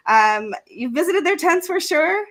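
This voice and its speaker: A woman's voice: very high voice, lively intonation, unhurried, a bit bright. A woman hosting a live online event, chatting casually and thanking sponsors, speaking from a remote video call. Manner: chatty, laughs often, sponsor thank-yous. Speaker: event host. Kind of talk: casual live-stream chat.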